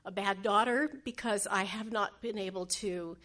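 A woman's voice: medium pitch, fairly even intonation, normal speed, a bit bright. A middle-aged woman tells a true personal story on stage, self-deprecating and acting out the voices of others.

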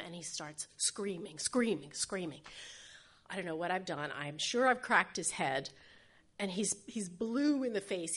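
A middle-aged woman tells a true personal story on stage, self-deprecating and acting out the voices of others. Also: mid-range voice.

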